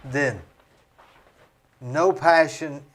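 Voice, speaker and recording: A male host chimes in during an interview, mostly with short questions and prompts. He talks slowly, and his voice sits a bit high for a man. He is recorded in a studio.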